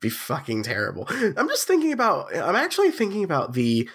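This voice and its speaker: A man's voice: brisk, husky. Nasal man with the flu, wry. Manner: wry, sweary, lively pitch swings. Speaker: podcast co-host. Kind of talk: casual chat.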